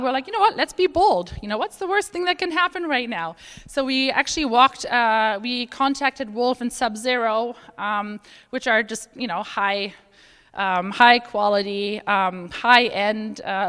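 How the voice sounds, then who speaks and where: A woman in her thirties giving a conference talk, telling a personal story with lively acted-out quotes and frequent fillers. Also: medium pitch. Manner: animated storytelling, acts out quoted voices, many fillers. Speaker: conference speaker. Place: large conference hall. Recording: long hall reverb.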